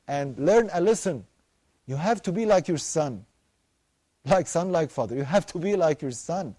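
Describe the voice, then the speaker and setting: A man's voice: a little high, lively intonation, a little slow, long pauses, mellow, no echo. A man hosting a live family counseling show, giving emphatic advice to parents and repeating words for stress.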